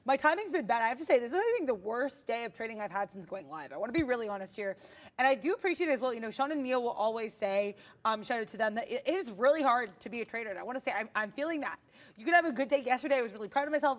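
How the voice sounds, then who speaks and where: A woman's voice: fairly high pitch, expressive, rapid-fire. Candid, chatty woman trading live. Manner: candid, chatty, playful bursts. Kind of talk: live market commentary.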